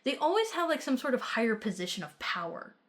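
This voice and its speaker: A woman from Texas co-hosts a film review podcast in relaxed, casual conversation. She speaks bluntly, swears freely and scatters "like" through her sentences. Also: high voice. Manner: quick asides, many "like"s. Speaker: podcast co-host.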